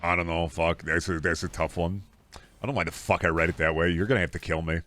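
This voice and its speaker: A man's voice: low voice, fairly even intonation, fast talker, pushed and bright. A young male streamer riffing on his chat in a crude, sarcastic, casual way.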